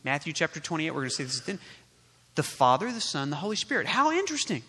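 A man preaching a sermon as pastor, emphatic and full of rhetorical questions, swinging between loud and quiet. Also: fairly high pitch, huge pitch swings, fast, husky. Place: church sanctuary. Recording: long hall reverb.

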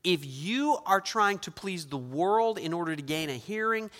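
A man's voice: high-pitched, lively intonation, normal speed, fairly bright tone. A middle-aged man preaching a sermon as pastor, emphatic, building his points with repeated phrases. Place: church sanctuary. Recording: long hall reverb.

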